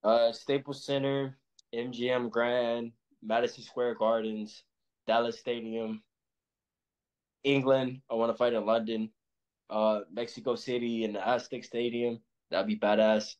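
A man's voice: mid-range voice, little pitch movement, a little slow, darkish tone. Young man from Los Angeles, boxer guest, easygoing and slangy, mid-range voice, muffled lo-fi sound. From Los Angeles, USA. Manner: laid-back, slangy, rambling. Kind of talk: casual interview chat.

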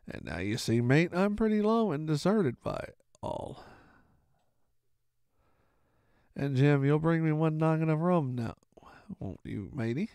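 A man's voice: fairly high pitch, lively intonation, a little mellow, no echo. A man doing a sick old drunken sea captain. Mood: wheedling. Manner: slow, gruff sailor talk with heavy drawl. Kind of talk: audiobook reading.

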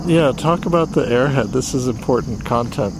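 A man's voice: medium pitch, normal speed, background noise. Wry, dry-humored man co-hosting. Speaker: podcast co-host. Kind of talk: casual conversation.

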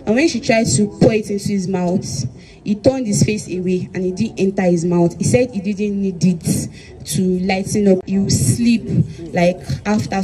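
Young woman telling what happened, lots of likes and ums, soft mellow voice. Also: mid-range voice, low-quality recording. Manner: halting, full of "like" and "um". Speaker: crime suspect giving a statement. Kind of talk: recounted testimony.

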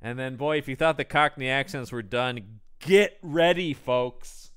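A man co-hosting a casual film-review podcast, animated and laughing as he acts out scenes. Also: mid-range voice, normal speed, smooth. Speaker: podcast co-host.

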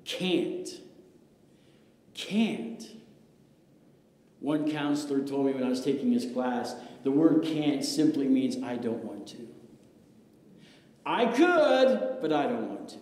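A man preaching a sermon as pastor, dramatic, swinging from loud exclamations to hushed, intimate lines. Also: medium pitch, sing-song, unhurried. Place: church sanctuary. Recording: echoey church sanctuary with long reverb.

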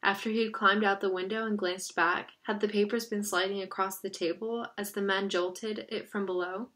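A woman narrating a novel in a steady, even voice. Her pitch sits in the middle range, and she reads at a measured storytelling pace. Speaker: audiobook reader. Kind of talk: reading a novel aloud.

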